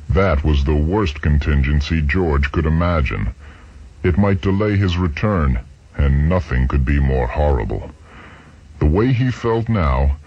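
Deep, slow male storyteller. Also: a little mellow, breathy edge, no room sound, lo-fi sound. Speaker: narrator. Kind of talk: dramatic story reading.

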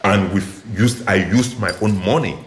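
A man's voice: on the low side, normal speed, reverberant, a little hiss or hum. A man from Cameroon in a casual debate, earnest and searching for words with many hesitations. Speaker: activist in a discussion.

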